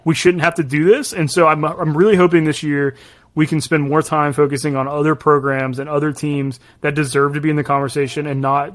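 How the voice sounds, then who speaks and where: Guy co-hosting a football podcast, kinda fed up, voice a bit on the high side. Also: flat delivery, brisk. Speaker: podcast co-host. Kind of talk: casual sports chat.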